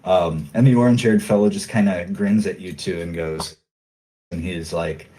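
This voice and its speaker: A man running a tabletop role-playing game as game master, describing scenes in a relaxed, halting way with many fillers. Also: deep voice, slight background noise.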